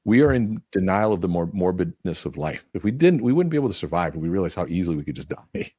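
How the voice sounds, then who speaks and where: A man's voice: sits low, quick pace, no room sound, studio quality. A man speaking as a guest in a conversational interview, telling stories and acting out quoted dialogue. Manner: animated storyteller acting out quotes.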